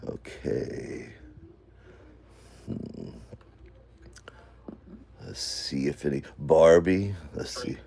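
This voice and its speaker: A man vlogging casually, muttering to himself as he scrolls through comments, then breaking into loud rants. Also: extremely low pitch, expressive, drawn-out words, creaky, pauses often, slight background noise.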